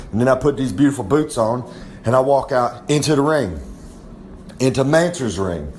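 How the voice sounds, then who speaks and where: A man's mid-range, darkish voice is very animated at a normal speed as he delivers a boastful wrestling promo in character, speaking of himself in the third person. The recurring segment guest drawls and rambles with plenty of asides, over a little hiss or hum.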